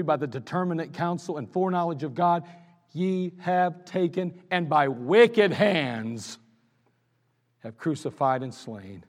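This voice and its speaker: A male pastor preaches in a fairly high voice, driving hard on some lines and dropping low and quiet on others. The sound rings with the long reverb of a church sanctuary. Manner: emphatic preaching, swinging between loud declarations and hushed asides. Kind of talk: sermon.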